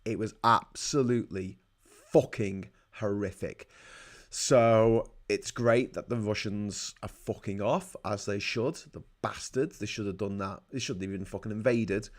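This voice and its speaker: A man's voice: lowish voice, measured pace. A man hosting a livestream, giving profane, heated and indignant political commentary into a desk mic. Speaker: livestream host.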